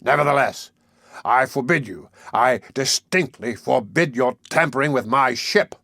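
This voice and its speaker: A man's voice: medium pitch, expressive, a little slow, creaky, sharp tone, no echo, studio quality, exaggerated voice. A man voicing a blind, brutal sea captain who speaks in a sneering, threatening way. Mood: menacing.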